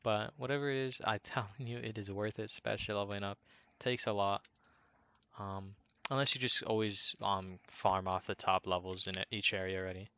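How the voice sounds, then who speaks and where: A young man chatting his way through a game capture, his voice bright and a little low-pitched. He talks loosely with lots of ums and restarted words, upbeat and easygoing. The audio sounds dull and lo-fi. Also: fairly even intonation, brisk, clean tone, dry recording. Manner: rambling, upbeat, many fillers and restarts. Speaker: gaming YouTuber. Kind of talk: casual gameplay commentary.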